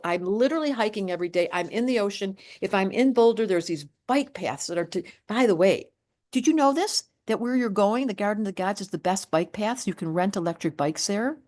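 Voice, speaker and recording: A woman in her late sixties, talking in a casual chat as an astrologer, animated and emphatic, often breaking off and restarting her sentences. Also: medium pitch. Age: 60s.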